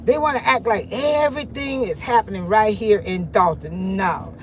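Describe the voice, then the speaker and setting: A woman's voice: medium pitch, normal speed, a little hiss or hum, rough recording. Chatty woman vlogging outdoors. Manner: chatty, repeats herself, sudden loud exclamations. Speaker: local vlogger. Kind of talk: casual walking-tour vlog. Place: driving, then walking outdoors in a park.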